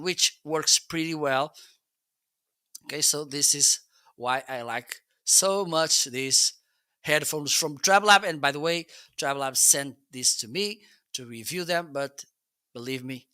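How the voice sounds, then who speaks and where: On a close dynamic studio mic with a dry sound, a man runs a relaxed product review livestream. His mid-range voice is very bright and forward, and he chats along with frequent restarts, often checking in with "okay?".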